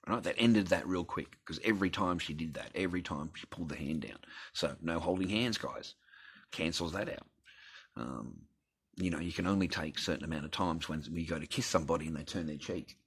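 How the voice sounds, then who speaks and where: A man's voice: low voice, brisk, slightly rough. An Australian man telling a personal story in a blunt, rambling rant full of swearing. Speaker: vlogger.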